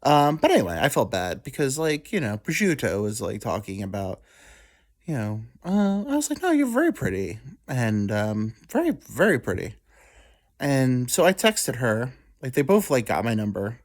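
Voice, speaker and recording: A man's voice: medium pitch, very animated. A young adult man hosting a show, telling a rambling, self-deprecating story in casual monologue. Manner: rambling, self-deprecating, quotes people in quick asides. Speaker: podcast host.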